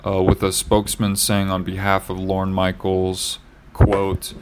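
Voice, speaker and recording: A man co-hosting a casual podcast chat and reading news items aloud, halting with fillers and restarts. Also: low voice, completely flat delivery, noisy background. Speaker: podcast co-host.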